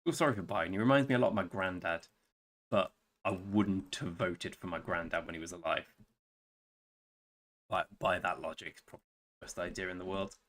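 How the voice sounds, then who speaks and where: A low-voiced Englishman talks briskly with frequent pauses and a slightly bright tone while live-streaming a strategy game. He chats casually, rambling and wry, answering viewers by name.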